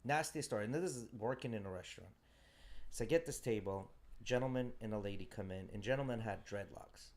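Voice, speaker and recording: A man's voice: lowish voice, brisk, darkish tone. A man co-hosting a casual podcast, speaking bluntly and emphatically with a lot of swearing. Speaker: podcast co-host. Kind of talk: casual chat.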